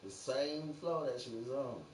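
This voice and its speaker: A man's voice: medium pitch, a little slow. A man on a livestream, rambling through a profane, free-associating monologue and laughing often. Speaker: livestream host. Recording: roomy, distant from the mic, faint background noise.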